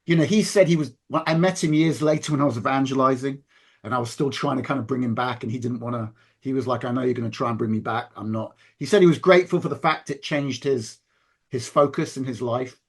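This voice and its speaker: A man's voice: mid-range voice, fast, slightly rough. A man in casual conversation, talking earnestly and with emphasis, often restarting his sentences.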